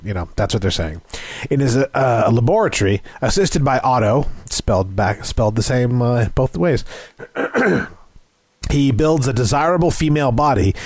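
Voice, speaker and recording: A man's voice: mid-range voice, a little mellow, dry recording. A man riffs crudely on a bad movie, full of ums and jokes, as he co-hosts a casual review show. His voice sits in a middle range and sounds dry and close. He rambles loosely with no polish. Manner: crude, jokey, rambling with many fillers. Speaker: podcast co-host.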